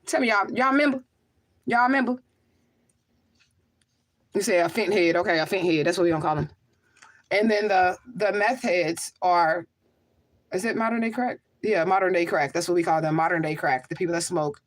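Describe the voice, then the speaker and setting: A woman with a fairly low voice, speaking a little fast, reads viewer comments out loud on her casual livestream. She's a host and spiritual medium who responds in an emphatic, rhetorical manner, often tacking on "okay?".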